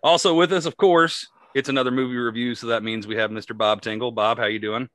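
A man's voice: medium pitch, fairly even intonation, fast talker, a bit bright, no echo. A man hosting a podcast, upbeat and laughing often as he introduces his guests. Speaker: podcast host. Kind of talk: casual chat.

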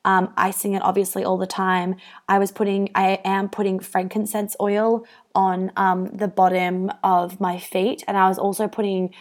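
A woman's voice: medium pitch, flat delivery, normal speed. A young woman hosting a podcast, talking casually and candidly, swearing freely with lots of "um" and "like". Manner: chatty, swears freely, many fillers. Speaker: wellness podcast host.

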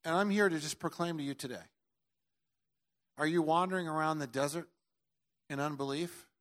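Preaching a sermon in church, a middle-aged pastor with a somewhat high voice swings from near-shouts to low, earnest tones. At a moderate pace, he tells his story with animated energy and slips in the occasional joke.

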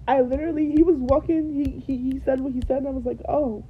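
A young woman hosting a podcast tells listeners her own story in a high, steady, fast voice. She is tearful and repeats herself for emphasis. The lo-fi recording sounds dull.

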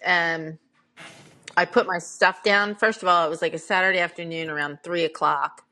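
A middle-aged woman with a fairly low voice chats candidly on a podcast. She tells her dating stories at an easy, conversational clip, padding them with ums and you-knows. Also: fairly even intonation, normal speed, bright, forceful tone. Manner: candid storytelling with frequent fillers. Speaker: podcast co-host. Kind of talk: casual chat.

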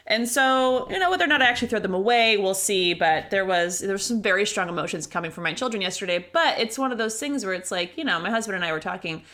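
A woman's voice: fairly low pitch, bright, forceful tone. A woman in her thirties hosting a podcast in casual chat, rambling with many fillers and frequent laughter. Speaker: podcast host.

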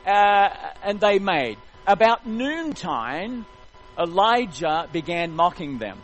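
A man preaching a sermon, retelling a story in an animated, jokey way. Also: high-pitched, takes it slowly, soft background music, poor audio.

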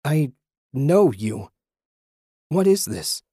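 A man's voice: lowish voice, measured pace, darkish tone, slightly rough, no room sound, clean studio sound. A man voicing a desperate injured man who pleads and cries out in anguish. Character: injured desperate middle-aged man, panicked.

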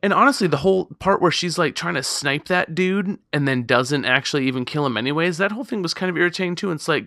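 A man co-hosting a casual podcast, talking about a film in an animated way, swearing freely and mocking the characters. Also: mid-range voice, brisk, dry recording, clean studio sound. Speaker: podcast co-host. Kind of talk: casual movie discussion.

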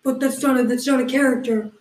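Quick-paced and steady, this woman co-hosting an improv comedy podcast has a slightly high, darkish voice. She grills her partner in mock exasperation, sprinkling in ums and uhs, and the room sounds echoey.

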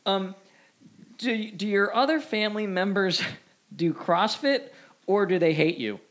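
A man with a slightly raised pitch co-hosts a casual podcast. He reads out questions in a relaxed way, jokes with the guest and laughs along. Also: unhurried. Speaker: co-host.

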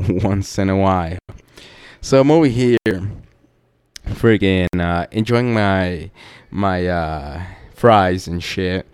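A man's voice: low voice, a little mellow, clean tone, no room sound. A man hosting a podcast, telling a story in a casual, profane, laid-back way with laughing asides. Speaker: podcast host.

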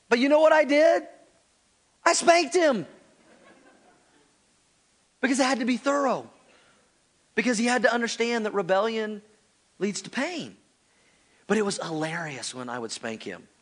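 High-voiced pastor telling a lively sermon. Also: male voice. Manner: animated storytelling, acting out voices. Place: church service before a congregation.

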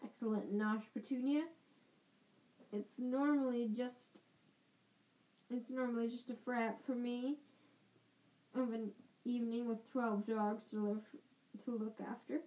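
A woman voicing a loud, boozy older aunt who bullies and sneers, speaking slowly and scornfully. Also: on the high side, steady tone, poor audio. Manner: blustering, scornful, slow.

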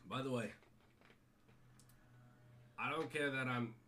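Talking slowly over slight background noise, a podcast host delivers a casual monologue on his own show. His accent leans British but occasionally slides into American; his pitch is typical for a man, and he rambles with excitement, curses freely, and repeatedly starts his sentences over.

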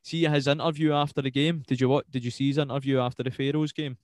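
A man's voice: mid-range voice, fairly even intonation, fast, darkish tone, dry recording. A young Scottish man co-hosting a casual football podcast, rambling and swearing freely as he talks. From Scotland. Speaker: podcast co-host.

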